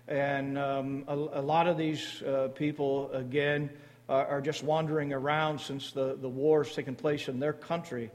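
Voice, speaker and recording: A man speaking to a church congregation about his mission board, halting often with fillers and restarts. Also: medium pitch, little pitch movement. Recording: long hall reverb.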